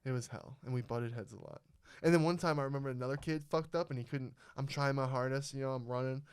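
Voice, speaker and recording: A young man telling a story on a casual podcast, swearing freely and talking with animation. His voice is smooth and resonant, pitched in the middle for a man. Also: quick pace. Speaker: podcast host. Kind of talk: casual chat.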